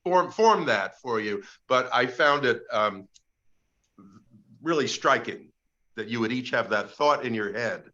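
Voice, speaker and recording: A man asks questions over a video call, his voice bright and forceful. He speaks haltingly, repeating words, and the audio sounds dull and lo-fi. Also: mid-range voice, expressive. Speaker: audience member asking questions. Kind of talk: casual discussion on a video call.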